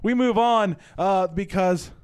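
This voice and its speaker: A man's voice: high voice, slow pace, clean tone. A young man co-hosting a casual wrestling fan podcast, joking and teasing as he recaps matches. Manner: jokey, animated, playful teasing. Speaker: podcast co-host. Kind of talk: casual chat about wrestling.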